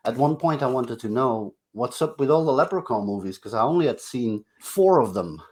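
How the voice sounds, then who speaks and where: A male guest on a podcast talks candidly and casually in a mid-range voice. His delivery sounds confessional and relaxed. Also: medium pitch, normal speed. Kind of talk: casual chat.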